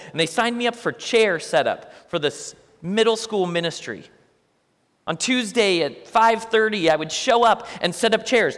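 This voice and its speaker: A man's voice: high voice, normal speed. Man telling a story in a reverberant hall. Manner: animated, plays out both sides of conversations with dry humor. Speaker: speaker sharing a testimony. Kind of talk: storytelling talk to a church audience.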